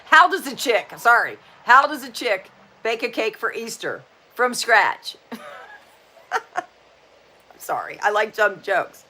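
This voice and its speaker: A woman's voice: a little high, sing-song, slow pace, long pauses, sharp tone. A woman in her sixties hosting a casual livestream chat, chatty and folksy, telling corny jokes with an upbeat manner. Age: 60s. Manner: chatty and folksy, often saying "just saying". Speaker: livestream host.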